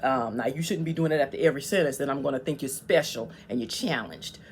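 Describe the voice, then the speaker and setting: A woman's voice: a bass voice, quick pace, a little hiss or hum. A woman vlogger giving casual, emphatic advice on communication, often checking in with "okay?".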